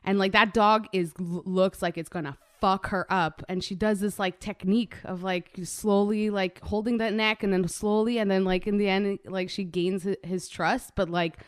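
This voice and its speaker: A woman's voice: mid-range voice, fairly even intonation, moderate pace, few pauses, clean tone, no echo, studio quality. A young woman co-hosting a podcast, talking in a chatty, rambling casual way. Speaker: podcast co-host.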